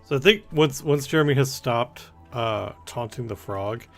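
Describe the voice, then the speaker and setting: A man's voice: mid-range voice, normal speed, creaky, soft background music. A man casually describing his character's actions in a tabletop game, playful in tone. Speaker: player.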